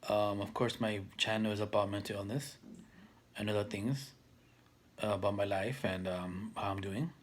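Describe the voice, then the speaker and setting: A soft-spoken man in his thirties talks straight to his camera in a slightly low voice. He hesitates often, fills pauses and restarts his sentences, and lets them trail off quietly. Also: fairly even intonation. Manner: hesitant, many fillers and restarts. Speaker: vlogger. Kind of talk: casual talk to camera.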